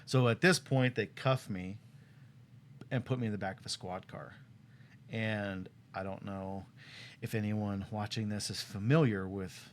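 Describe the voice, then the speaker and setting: A young man with a lowish voice tells a story in an easy, chatty way and brings the other people in it to life as he goes. He laughs often, and a faint hum of noise sits behind him. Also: measured pace. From Tucson, Arizona. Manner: animated storyteller, laughs often, acts out quotes. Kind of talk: casual storytelling chat.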